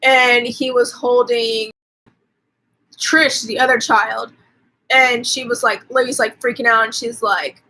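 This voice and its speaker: Host, woman, bright higher voice, loose rambling plot recap full of "like", casual swearing. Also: fairly even intonation, low-quality recording. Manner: rambling, fills every pause with "like", swears casually. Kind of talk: casual movie recap on a livestream.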